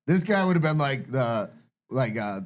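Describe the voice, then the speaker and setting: A man hosting a podcast, telling loose, profane stories padded with "like, uh." His voice sits at a middle pitch but moves very expressively. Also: big pitch swings, normal speed. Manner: profane, storytelling, fills with "like, uh". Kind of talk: casual chat.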